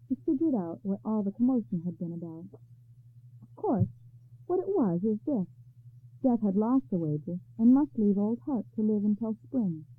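A woman storyteller on a radio program, calmly reading a story aloud in a measured way. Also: a little high, breathy edge. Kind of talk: scripted narration. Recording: narrow phone-like radio sound.

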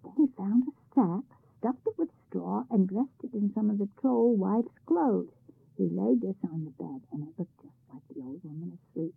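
A woman telling a folk tale in a lively, expressive reading, with a tinny, phone-like sound. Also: mid-range voice, normal speed, gravelly, breathy edge. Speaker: storyteller. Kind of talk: scripted narration of a folk tale.

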